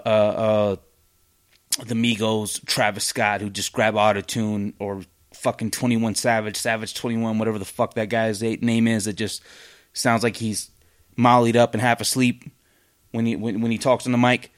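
A man's voice: lowish voice, level tone, normal speed. A man hosting a podcast, delivering a blunt, heated, profane rant in casual commentary with many fillers and restarts. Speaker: podcast host.

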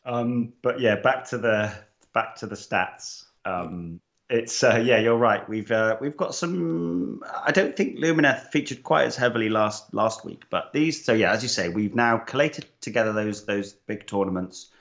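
Brief: lower-voiced man, joking podcast co-host, relaxed banter. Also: a little slow. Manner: joking, laughs often, relaxed. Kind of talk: casual chat.

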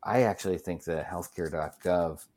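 A man co-hosting a podcast, speaking in a measured, reflective way with fillers. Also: deep voice, darkish tone. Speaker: podcast co-host. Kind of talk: casual conversational podcast.

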